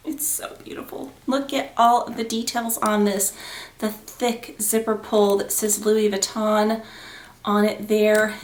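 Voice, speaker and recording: Middle-aged woman, chatty and excitable, medium pitch, echoey home room. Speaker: vlogger. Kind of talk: casual unboxing vlog. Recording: roomy home recording.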